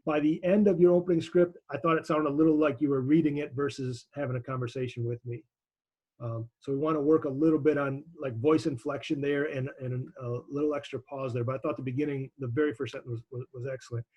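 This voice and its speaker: A man's voice: medium pitch, fairly even intonation, fast, dark tone, slightly rough, dull audio. A male instructor coaching students through sales calls on a video call, direct and encouraging, with frequent restarts.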